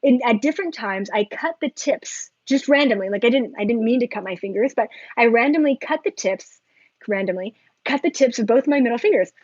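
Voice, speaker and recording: Excitable rambling woman, higher voice. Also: fairly quick, dry recording, dull audio. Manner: rambling and excitable, full of filler likes and asides. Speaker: spiritual vlogger. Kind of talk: casual monologue to viewers.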